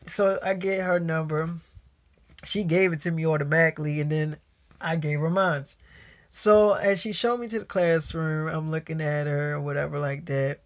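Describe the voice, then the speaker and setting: A man's voice: on the high side, fairly even intonation, normal speed. A man telling a personal story in a casual, slangy way, full of profanity and quoted back-and-forth dialogue.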